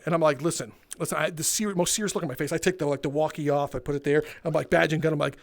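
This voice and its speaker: Young male host, high voice, animated, laughs and curses while telling the story. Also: racing, gravelly, few pauses. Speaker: gaming video host telling a retail story. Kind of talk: casual storytelling over gameplay.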